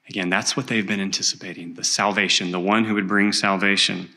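A man preaching a sermon as pastor of a church, earnest and measured as he tells a story. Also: sits low, little pitch movement, bright, forceful tone.

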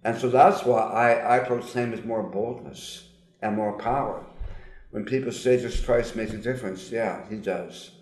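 Brief: older man with lowish voice and slightly altered diction from surgery, earnest testimony, roomy echo. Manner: earnest, emphatic, with frequent pauses and fillers. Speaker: guest, psychologist. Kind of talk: personal testimony in an interview.

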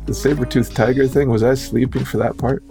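A man's voice: medium pitch, steady tone, fairly quick, creaky, dark tone, soft background music. A man co-hosting a podcast and interviewing a guest, chatting casually with playful, joking banter.

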